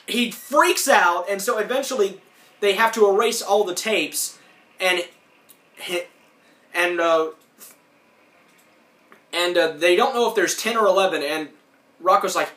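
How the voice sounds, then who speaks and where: A man's voice: high-pitched, unhurried, pushed and bright, roomy sound, far from the mic. A man hosting a podcast, rambling through a cartoon episode recap in casual chat. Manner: rambling, acts out lines in put-on voices. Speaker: podcast host.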